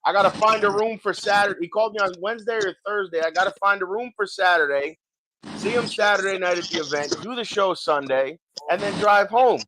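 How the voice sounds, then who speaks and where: A man's voice: high-pitched, fairly quick, pushed and bright, slight background noise, low-quality recording. A male podcast co-host, chatty, cutting in to add details to a story. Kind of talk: casual podcast chat.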